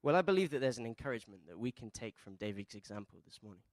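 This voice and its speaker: Brief: male pastor, a mid-pitched voice, a dry close mic, preaching with question-led call-and-response. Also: expressive, very fast, no echo. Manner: swings between soft, low asides and loud emphatic peaks. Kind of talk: sermon.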